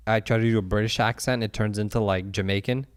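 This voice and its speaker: A man's voice: on the low side, steady tone, fast talker, crowd noise. A man co-hosting a podcast, agreeing often and telling a story casually. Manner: agreeable, lots of yeahs, storytelling. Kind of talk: casual chat.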